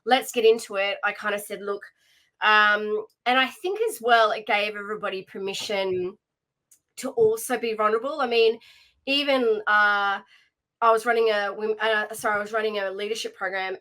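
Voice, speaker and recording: A woman guesting on an interview, her voice bright and clear. She talks in a chatty, storytelling way, full of fillers and little restarts. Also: mid-range voice, steady tone, a little fast, poor audio. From Australia. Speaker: guest, leadership coach. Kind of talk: casual interview conversation.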